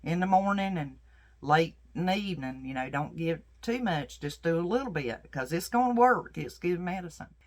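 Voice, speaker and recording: A woman's voice: on the low side, lively intonation, normal speed, lightly acted. A woman voicing her wise, caring old grandmother as she gives remedy advice in a plain-spoken, reassuring way.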